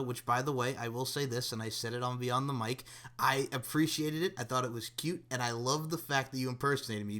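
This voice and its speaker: A man hosting a wrestling podcast interview, energetic and casual, swearing freely. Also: medium pitch. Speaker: podcast host.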